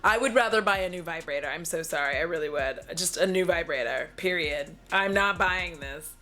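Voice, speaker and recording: A woman's voice: on the low side, fairly quick, pushed and bright, faint music behind. A woman beauty vlogger chatting casually at home about makeup, dramatic and profane, often trailing into little vocal noises. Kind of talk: casual chat reviewing makeup.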